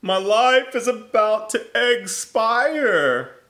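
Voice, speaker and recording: A man's voice: fairly high pitch, sing-song, unhurried, bright, forceful tone, reverberant, pitched above the performer's own voice, heavily acted. A man voicing a conceited, swaggering male turkey in a read-aloud picture book. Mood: panicked. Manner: boastful, later wailing.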